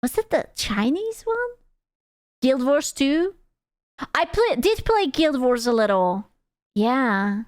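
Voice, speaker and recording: A woman's voice: sits high, animated, takes it slowly, pauses often, dry recording, studio quality. A young woman streamer reacting to a video in casual, crude, jokey commentary, often stumbling and restarting her sentences.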